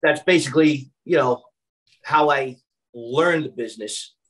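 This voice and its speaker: A Brooklyn, New York personal chef chats casually on a video call, his medium-pitched, slightly bright voice moving at a measured pace over a rough recording. He's chatty and full of fillers, restarting sentences and repeating words as he gets going.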